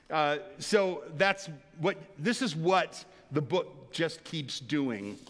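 Man, pastor, animated sermon, fairly high voice, long echo of a big hall. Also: takes it slowly, hardly any pauses. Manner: animated, laughing storyteller preaching. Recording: long reverb of a large hall.

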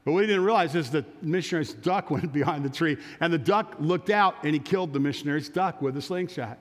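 Pastor telling a story in a reverberant church. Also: male voice, fairly high pitch, quick pace. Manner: animated storyteller with restarts. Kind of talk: sermon storytelling. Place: church sanctuary.

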